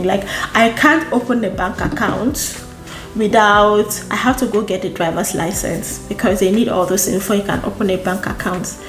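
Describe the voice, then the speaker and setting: A woman from Nigeria with a Nigerian accent, chatting casually to camera as a vlogger, expressive and exclamatory, repeating phrases for emphasis. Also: mid-range voice. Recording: roomy echo with faint background music.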